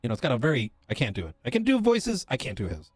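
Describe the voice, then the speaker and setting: A man's voice: medium pitch, wildly swooping pitch, breathy edge, no echo. Earnest lecturing man in dry sound. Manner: earnest, lecturing, halting with fillers. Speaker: police officer in a roleplay game. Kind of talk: in-character roleplay conversation.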